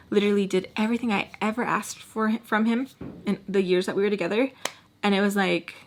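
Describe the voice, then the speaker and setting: A woman's voice: medium pitch, fast talker. A young woman casually telling a personal story to her followers, candid and chatty, with lots of "like" and frank swearing. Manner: chatty and candid, heavy use of "like"; animated retelling, swearing freely. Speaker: storytime vlogger.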